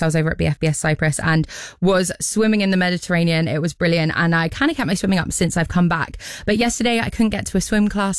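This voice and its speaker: A woman's voice: medium pitch, clear, resonant tone, no echo, clean studio sound. A woman radio presenter filling in on a show, chatting casually and cheerfully with listeners, laughing often. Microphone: studio microphone.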